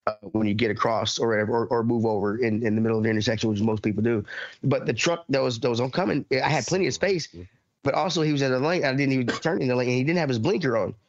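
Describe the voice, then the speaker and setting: A man's voice: mid-range voice, dull audio. A man hosting a casual podcast, ranting and swearing about other drivers in an offhand way. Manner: ranting, swearing, acts out voices loudly. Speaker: podcast host. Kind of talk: casual profane chat.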